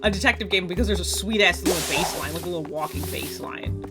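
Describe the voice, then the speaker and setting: A woman's voice: fairly low pitch, quick pace. A woman casually commenting on a game she plays, chatty and rambling off on tangents. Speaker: gaming streamer. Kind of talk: casual let's play commentary. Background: game music.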